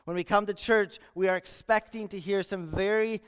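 High, clear-voiced man preaching in a church. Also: steady tone, moderate pace, a bit bright. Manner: storytelling with acted-out voices in jokes. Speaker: pastor. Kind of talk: sermon. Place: church sanctuary. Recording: reverberant church sanctuary.

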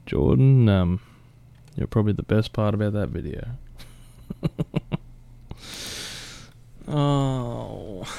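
A man's voice: on the low side, animated, drawn-out words, creaky, long pauses, warm tone. A man casually reacting to a song cover, blunt and swearing often, with short laughs. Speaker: music reaction host.

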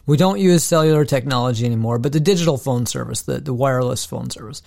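A man's voice: mid-range voice, fast talker, creaky, darkish tone. A man co-hosting a podcast, telling stories in a rambling way with many restarts. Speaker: podcast co-host. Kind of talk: casual podcast chat.

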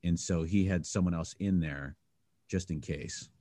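Deep-voiced man asking questions. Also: mellow. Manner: curious, halting questions. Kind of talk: casual chat.

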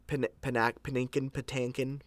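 A podcast co-host in casual chat, playful and teasing with quick reactions. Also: medium pitch, level tone, no echo, clean studio sound.

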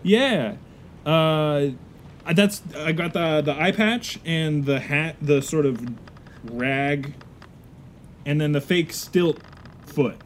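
A man's voice: a little high, takes it slowly, long pauses, slight background noise. A man improvising a pirate crewman in a comedy scene, with playful, jokey banter. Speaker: podcast co-host.

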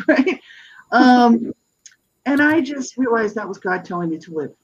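Middle-aged guest talking about their life, kinda husky, lots of restarts, muffled lo-fi sound. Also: medium pitch. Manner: earnest, halting, with frequent restarts and fillers. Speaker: guest author. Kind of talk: personal testimony in an interview.

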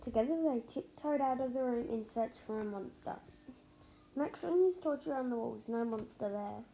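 Woman storyteller, fairly high and mellow, expressive children's read-aloud with dramatic pauses, faint background hiss. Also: vocal fry, low-quality recording.

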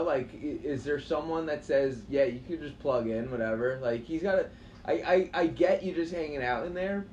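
A man's voice: medium pitch, darkish tone, recorded from a distance, slight background noise. A man on a podcast chatting casually, swearing as he muses aloud and restarting his sentences. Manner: questioning, profane, hesitant restarts. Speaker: podcast co-host. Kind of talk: casual chat. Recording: roomy, dull, slightly muffled.

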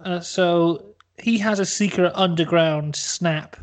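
A young man spins a silly story for his podcast in a mock-dramatic, playful way. His voice sits a little high for a man. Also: slow. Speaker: podcast host. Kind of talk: comedic storytelling.

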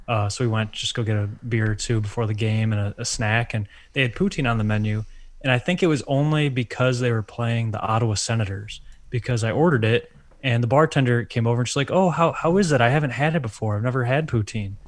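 A man on a casual podcast telling a story in a relaxed, unhurried way. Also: mid-range voice, no echo.

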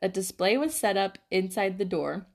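A woman's voice: medium pitch, animated, normal speed, a little mellow. A young woman co-hosting a podcast, chatting casually and reading listener stories, giggling often and filling her talk with "like". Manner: giggly, lots of "like" fillers. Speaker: podcast co-host.

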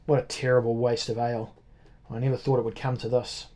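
A man voicing a boisterous tavern keeper, gruff and blustering. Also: mid-range voice, level tone, brisk, mellow, close to an everyday voice. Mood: muttering.

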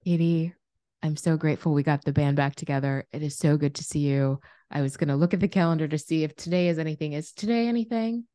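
Low-voiced, blunt woman co-host. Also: dark tone, dry recording, clean studio sound. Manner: blunt, swears freely, quick reactions. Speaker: podcast co-host. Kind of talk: casual chat.

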